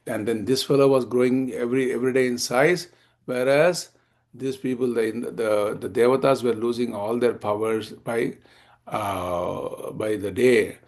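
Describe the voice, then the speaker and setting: A man teaching a scripture class, chanting verses slowly and explaining them with many fillers. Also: medium pitch, fairly even intonation, darkish tone.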